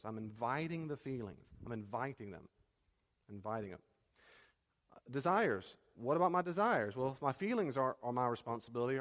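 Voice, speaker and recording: Man, pastor giving a sermon, mid-pitched, emphatic, long reverb. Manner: emphatic, acts out quoted spouses in raised voice. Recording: reverberant hall.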